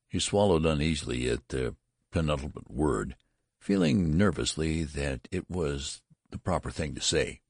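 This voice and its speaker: Deep-voiced male audiobook narrator, gravelly and expressive, dry close mic. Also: moderate pace, dry recording. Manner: acts out the dialogue.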